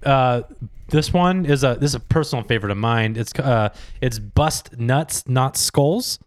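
A young man co-hosting a comedy podcast, reading joke slogans aloud in a deadpan way and often breaking into laughter. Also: medium pitch, measured pace, no echo, studio quality. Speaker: podcast co-host. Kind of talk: casual comedy chat.

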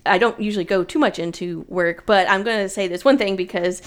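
A woman in her thirties co-hosting a casual chat, talking in a chatty, animated way and laughing often. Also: mid-range voice, a little fast.

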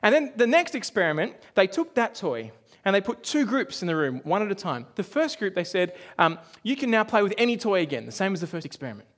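A man preaching a sermon in a conversational, storytelling way, with offhand asides and moments where he drops to a hush. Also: sits high, big pitch swings, brisk. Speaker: pastor.

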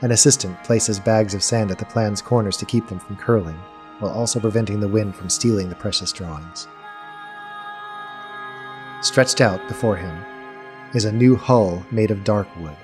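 Low-voiced male game master, soft music. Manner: slow, descriptive storytelling. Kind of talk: narrating a tabletop game.

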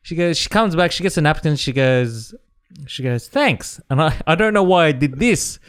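A man, co-hosting a relaxed chat podcast, telling stories with lots of laughter. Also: a little high, normal speed, clean tone, no room sound, studio quality. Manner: animated storyteller, laughs often, self-mocking. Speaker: podcast co-host. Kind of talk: casual chat.

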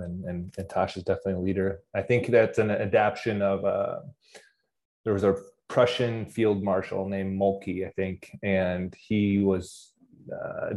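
Deep-voiced male Marine officer, guest, calm explainer. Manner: measured, explanatory, with "uh" pauses. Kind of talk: conversational interview.

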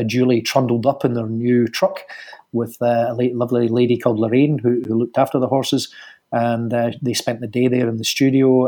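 A middle-aged man with a Scottish accent answers interview questions in a breathy, husky voice. He pauses often and restarts his sentences. He sounds like a guest thinking aloud as he explains his work. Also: mid-range voice, darkish tone. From Scotland. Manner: hesitant, many fillers and restarts. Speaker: sculptor guest. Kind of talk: conversational interview.

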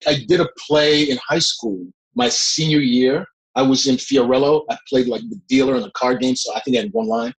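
A middle-aged man, a guest actor, telling a long behind-the-scenes story in a lively way, often breaking into laughs. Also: mid-range voice, normal speed, hardly any pauses, rough recording. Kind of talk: anecdotal storytelling.

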